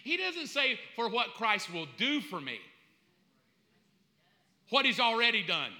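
A man preaching a sermon in an animated way, acting out little scenes and laughing as he goes. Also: very high-pitched. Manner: animated, acts out voices, laughs. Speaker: pastor. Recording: long hall reverb.

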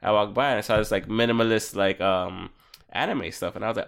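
A man's voice: lowish voice, fairly quick, vocal fry, a bit bright. A man chatting casually about wrestling, blunt and profane, with emphatic remarks.

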